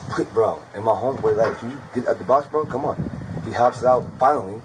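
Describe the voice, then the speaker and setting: A man being questioned, giving a rapid, rambling account and repeating "bro" constantly. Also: medium pitch, background noise. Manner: rapid, repetitive, keeps saying bro. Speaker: interrogated suspect.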